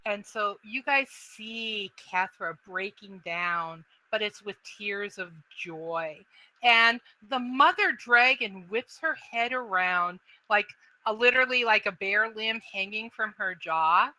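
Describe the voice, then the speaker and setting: A woman narrating as game master of a tabletop game. She talks slowly, with a very bright tone, and often halts and restarts mid-sentence. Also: medium pitch, poor audio. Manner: halting, with many restarts.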